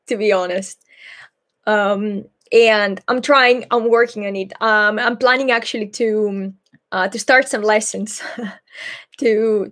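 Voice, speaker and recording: A young woman from Greece speaks English, taking her time over each answer. She hosts a live Q&A in a thoughtful, slightly shy way, pausing often on fillers and speaking at an unhurried, slow pace. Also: medium pitch, a bit bright. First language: Greek. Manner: hesitant, thoughtful, a little shy, many fillers. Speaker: Greek teacher and channel host.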